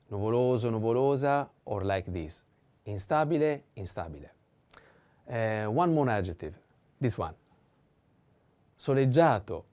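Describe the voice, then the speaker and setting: A man teaching vocabulary in a patient language lesson, repeating each word slowly and pausing with fillers. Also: on the low side, darkish tone. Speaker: Italian teacher.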